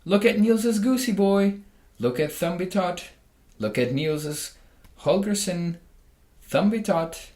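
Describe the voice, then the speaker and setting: A man voicing a shrill little male sparrow in a storybook, jeering at a boy. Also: expressive, slow, darkish tone.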